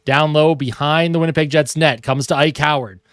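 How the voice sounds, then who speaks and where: Excitable man calling hockey play-by-play. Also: fairly high pitch, normal speed, no echo, clean studio sound. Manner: excitable calls that break off to coo at his cat. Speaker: fan streamer doing live play-by-play. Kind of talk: casual live play-by-play commentary. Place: home room at his monitor.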